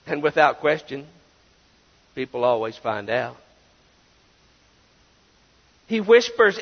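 A man's voice: mid-range voice, big pitch swings, slow, gravelly. A man preaching a sermon as pastor, emphatic and full of rhetorical questions. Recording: dull lo-fi audio with long reverb.

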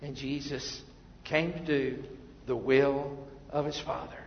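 A male pastor preaching a sermon, emphatic, then dropping to quiet asides. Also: mid-range voice, level tone, slow. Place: church sanctuary. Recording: muffled, echoey church hall.

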